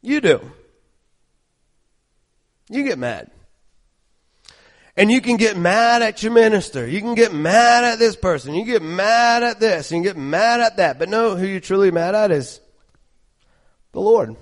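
A man's voice: sits high, lively intonation, a little slow, pauses often. A male preacher giving a sermon in an emphatic way, full of repeated rhetorical questions.

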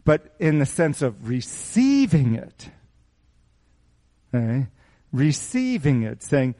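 A middle-aged man preaching a sermon in a small church, asking the congregation rhetorical questions in an animated way. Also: mid-range voice, takes it slowly, pauses often. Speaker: pastor.

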